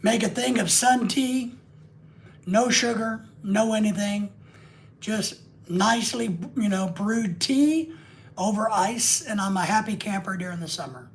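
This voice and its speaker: A man's voice: high voice, a little slow. A man hosting a live stream, rambling and joking casually with crude asides.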